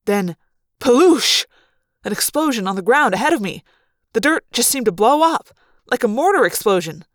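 A woman reading a fan audiobook, narrating in first person with lively, dramatic delivery. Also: a little high, fairly quick, dry recording, clean studio sound. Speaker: audiobook reader.

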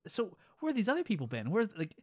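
A man in casual conversation, retelling a movie with lots of energy. He speaks quickly in a slightly raised voice and keeps slipping into brief put-on voices for the characters. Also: high voice. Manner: animated, acts out characters' lines in quick voices. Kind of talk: casual chat recapping a movie.

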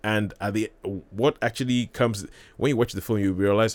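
Male radio host, low-pitched, chatty film talk with frequent laughs, dry studio sound. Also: steady tone, moderate pace, no room sound. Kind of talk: casual film chat.

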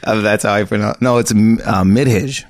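Gravelly low-voiced male comedian. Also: a little fast, background noise. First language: Arabic is his heritage language, spoken choppily. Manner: excitable, rambling, self-mocking. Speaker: comedian guest. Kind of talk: casual interview chat.

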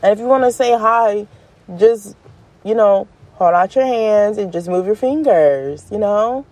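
A woman hosting her own show, talking in a casual, animated monologue full of slang, jumping up in pitch for emphasis and laughing as she goes. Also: measured pace. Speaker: podcast host.

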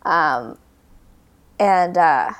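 A woman's voice: low voice, animated, drawn-out words. A young woman chatting through a movie recap on a podcast, loose and rambling. She fills gaps with ums and swears casually while acting out lines. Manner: rambling, many ums, swears freely, mock voices for characters. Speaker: podcast co-host.

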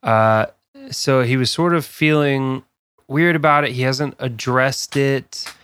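A man's voice: medium pitch, clear, resonant tone, no room sound. Dry-sounding man telling a story. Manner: relaxed storyteller, laughs often, halting with fillers. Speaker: podcast co-host. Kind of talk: casual chat, storytelling.

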